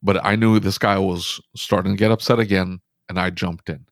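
A man telling a work story in casual podcast conversation, animated, with many restarts. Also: deep voice, normal speed, vocal fry, no room sound, studio quality.

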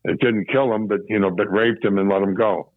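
A man's voice: on the low side, steady tone, fairly quick, dry recording, phone-quality sound. An older man from Chicago, a former police officer telling stories from his career in an interview, rambling and repeating phrases as he remembers. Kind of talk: storytelling interview.

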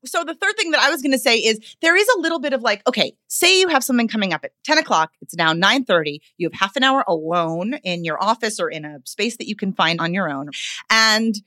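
A woman vocal coach being interviewed on a podcast, talking in an animated, expressive way. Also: quick pace, no room sound, studio quality. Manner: animated, expressive, wide pitch swings.

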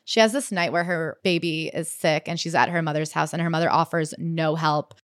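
A woman co-hosting a casual podcast, retelling a memoir with animated storytelling and reading quoted passages aloud. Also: low voice, brisk, no echo, studio quality. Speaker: podcast co-host.

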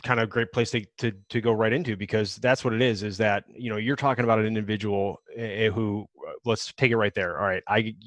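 A man co-hosting a casual podcast, speaking in a measured, halting way with many fillers. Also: on the low side, steady tone, a bit bright, dry recording. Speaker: podcast co-host.

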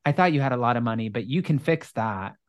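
A woman spins a gossipy story in relaxed, casual chat, sprinkling "like" through every line and swearing freely. The sound is dry and close, with no room echo, and she acts out each person she quotes. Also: quick pace. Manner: animated storyteller, acts out quotes in high voices; frequent "like" fillers, swears casually.

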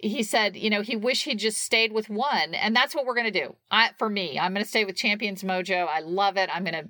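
Chatty lady podcast cohost, bright voice, dry close mic, laughs a lot. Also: mid-range voice, a little fast, dry recording. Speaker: podcast co-host. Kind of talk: casual chat.

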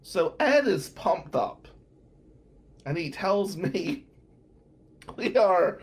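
A man in his forties, a podcast host, telling a comic story in a sarcastic, animated way. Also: high voice, slow pace, long pauses. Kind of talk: comedic storytelling.

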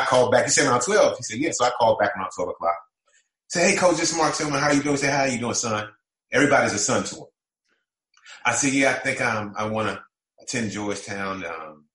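A former college basketball player telling an animated story, acting out the quoted lines of the conversations he recalls. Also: medium pitch, fast, echoey room, rough recording.

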